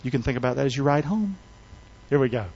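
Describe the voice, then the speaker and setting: A man pastor preaching an animated sermon, drawing the congregation into call-and-response. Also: medium pitch, fast, slightly rough. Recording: slightly dull lo-fi sound.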